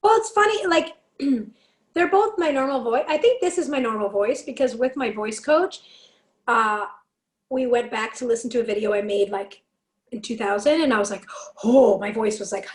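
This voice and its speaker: Woman, raspy, high voice, excited storyteller, casual podcast guest. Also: moderate pace. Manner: excited storytelling, swears freely. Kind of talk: casual chat.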